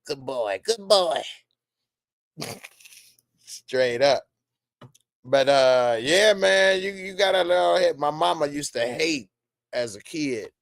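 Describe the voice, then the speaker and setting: A man's voice: on the high side, expressive, slow, gravelly, long pauses, dry recording, clean studio sound. A middle-aged man hosting a casual show, riffing in loose slang and reading out viewer comments. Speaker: host.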